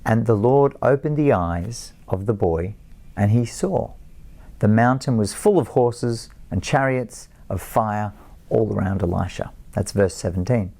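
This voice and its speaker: A man's voice: lowish voice, measured pace, creaky, mellow. A middle-aged man giving a chapel sermon, telling the story with animation and self-deprecating asides. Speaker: college chapel speaker.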